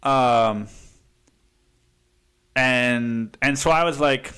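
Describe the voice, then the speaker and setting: A man's voice: mid-range voice, takes it slowly, bright, forceful tone, clean tone. A man hosting a podcast, telling a story in a rambling, profane way and saying "dude" constantly. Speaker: podcast host. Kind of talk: casual storytelling monologue.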